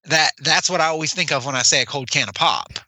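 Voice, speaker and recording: A man's voice: fairly high pitch, animated, fast talker, sharp tone, no echo. A man from West Virginia, co-hosting a casual podcast chat and rambling with restarts. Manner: rambling, self-correcting. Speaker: podcast co-host.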